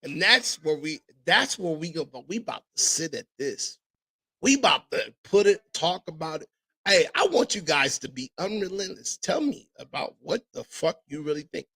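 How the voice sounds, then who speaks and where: High, bright-voiced animated man. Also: moderate pace, husky. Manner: animated storytelling, profane, mimics others. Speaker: podcast host; father. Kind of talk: casual podcast chat.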